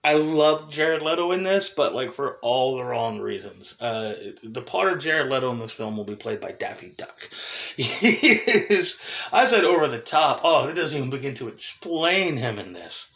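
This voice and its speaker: A man's voice: mid-range voice, very animated, normal speed, creaky, fairly bright tone. A man in his thirties giving a casual, profane film review, talking loosely with fillers, restarts and frequent laughs.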